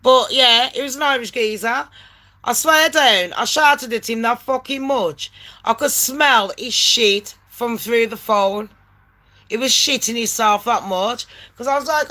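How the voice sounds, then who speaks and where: A woman in her late thirties from England, telling a story in a brash, sweary and animated way and acting out phone calls in voices. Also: on the high side, a little slow. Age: late 30s. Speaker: vlogger. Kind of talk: casual storytelling rant.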